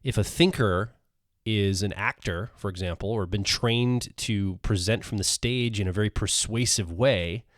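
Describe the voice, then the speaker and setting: Low-voiced man co-hosting a podcast. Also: unhurried, dry recording, studio quality. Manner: relaxed, adds caveats and qualifications. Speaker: podcast co-host. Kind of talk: casual podcast talk.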